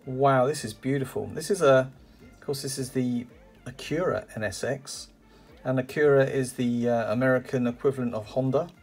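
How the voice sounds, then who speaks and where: A man's voice: mid-range voice, moderate pace, a little mellow, faint music behind. Enthusiastic man unboxing toy cars. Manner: enthusiastic and exclamatory, with many fillers. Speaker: toy car collector reviewing a parcel. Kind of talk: casual unboxing chat.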